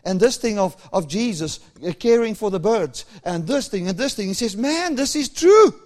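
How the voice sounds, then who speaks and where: A man's voice: high voice, normal speed, darkish tone. A man from Africa, preaching a sermon and telling stories with chuckles while acting out dialogue. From South Africa.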